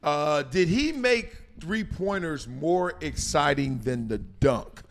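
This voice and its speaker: A man hosting a lively sports debate, talking in animated bursts and laughing often. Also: fairly high pitch, slow, creaky. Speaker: host.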